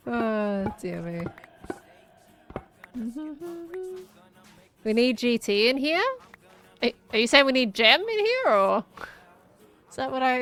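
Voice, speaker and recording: A woman's voice: fairly high pitch, a bit bright. A woman chatting casually and giggling as she thinks aloud while playing a game. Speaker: gaming streamer.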